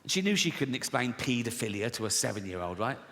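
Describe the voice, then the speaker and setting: A man's voice: medium pitch, sing-song, fast, fairly bright tone. A man doing a stand-up routine, blunt and crude, mocking as he tells stories. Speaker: stand-up comedian. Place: live comedy stage. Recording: noisy live venue.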